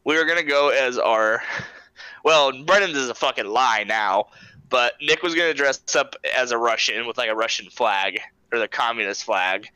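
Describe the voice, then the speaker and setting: A man's voice: mid-range voice, moderate pace, sharp tone, smooth, dry recording, low-quality recording. A young man hosting a podcast, chatting casually, laid-back, swearing and laughing often. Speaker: podcast host. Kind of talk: casual chat.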